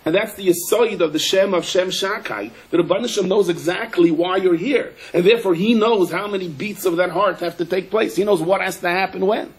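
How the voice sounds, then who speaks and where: A man's voice: a little fast, hardly any pauses, rough recording. A man teaching a Torah class. He tells stories animatedly, mixes in Hebrew and Yiddish terms, and acts out the people he quotes. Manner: voices quoted people in a raised pitch. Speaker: rabbi giving a Torah class. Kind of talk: storytelling Torah lecture.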